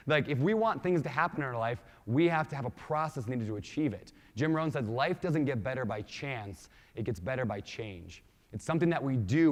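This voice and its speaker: Man giving a talk in an echoing hall. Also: mid-range voice. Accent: mixed Minnesota, Washington and Hawaii. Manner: energetic, quizzes the audience with questions. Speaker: conference speaker. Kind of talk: motivational keynote talk. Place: large conference hall. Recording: reverberant conference hall.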